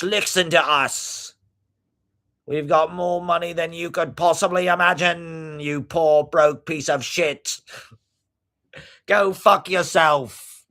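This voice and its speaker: A man putting on a sneering, wealthy male TV host, high and exaggerated. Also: sharp tone, full character voice. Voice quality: high, mocking, exaggerated drawl. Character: sneering rich male TV host, Australian-style, gloating.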